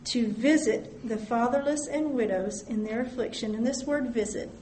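Woman Bible teacher, high voice, earnest sermon, roomy recording. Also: moderate pace, a little mellow, a little hiss or hum. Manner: earnest, reads scripture aloud, acts out prayers. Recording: echoey room with faint ambience.

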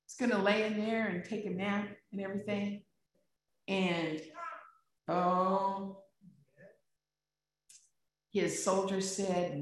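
Slow-speaking woman preacher in an echoey room. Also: mid-range voice. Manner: retells scripture in plain words, asks rhetorical questions. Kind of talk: sermon retelling a scripture story. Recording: very echoey room, distant mic.

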